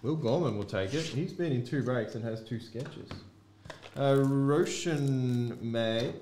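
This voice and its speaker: A man's voice: medium pitch, lively intonation, moderate pace, a little mellow. A man hosting a card break, chatting offhandedly to viewers as he opens packs. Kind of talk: casual card-break commentary. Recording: echoey room with faint noise.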